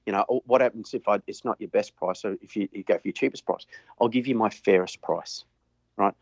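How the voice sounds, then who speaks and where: A man's voice: on the low side, brisk, no echo. Rambling businessman, dull audio. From Australia. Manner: rambling, repeats words while thinking aloud. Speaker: guest, flooring business owner. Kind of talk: casual conversational interview.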